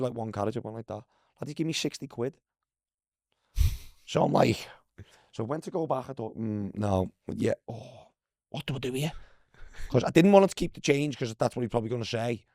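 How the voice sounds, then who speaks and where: A man's voice: medium pitch, dry recording, clean studio sound. A man from Liverpool with a Scouse accent, telling stories in a casual podcast chat and mimicking the people in them. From Liverpool, England. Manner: animated, mimics voices in anecdotes, says "lad" constantly. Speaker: guest, former footballer. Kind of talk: casual storytelling.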